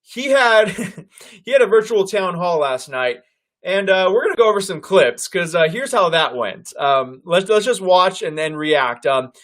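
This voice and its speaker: A man hosting a political livestream, talking loudly and animatedly and calling his viewers "guys". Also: high-pitched, sing-song, measured pace. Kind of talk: casual political commentary.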